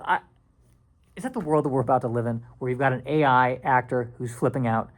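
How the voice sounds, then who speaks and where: A man's voice: medium pitch, fairly quick. Rambling, self-mocking male podcaster. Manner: rambling, self-deprecating, slips into silly put-on voices. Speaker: podcast host. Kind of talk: solo comedic podcast monologue.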